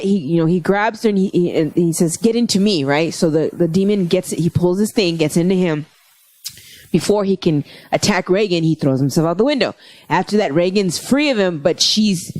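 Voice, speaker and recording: A woman comedian chatting casually on a podcast, telling stories in an animated, rambling way and swearing freely. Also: on the low side. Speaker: guest comedian.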